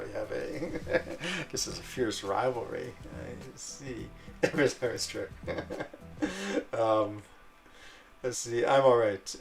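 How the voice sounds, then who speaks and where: A man's voice: medium pitch, gravelly, distant mic. A man casually chatting on a live stream, reading out and answering chat messages in a rambling way. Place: lives in a village in Switzerland.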